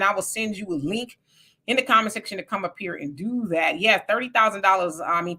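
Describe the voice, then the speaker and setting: A woman's voice: on the high side, sharp tone. A woman hosting a livestream in a casual, chatty way, greeting viewers by name and reading their comments aloud. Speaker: livestream host.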